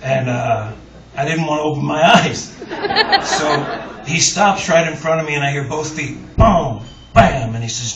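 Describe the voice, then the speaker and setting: A man's voice: a little high, normal speed. A man, a singer-songwriter, telling a long, rambling, self-mocking story to a live audience, chuckling as he goes. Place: live music club on stage. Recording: roomy, dull, distant audience recording. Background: audience laughter and crowd noise.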